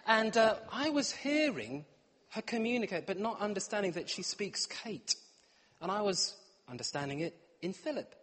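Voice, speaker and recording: A man's voice: sits high, sing-song, moderate pace, fairly bright tone. A middle-aged man preaching a humorous sermon, playful and self-mocking, acting out bits of dialogue. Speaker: pastor. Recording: long hall reverb.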